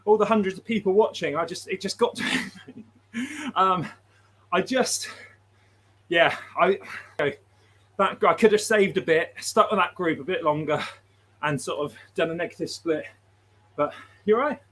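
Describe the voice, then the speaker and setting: A man's voice: high voice, normal speed, pauses often, fairly bright tone. A man hosting a livestream, chatting casually, laughing often and reading out viewer messages. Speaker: livestream host.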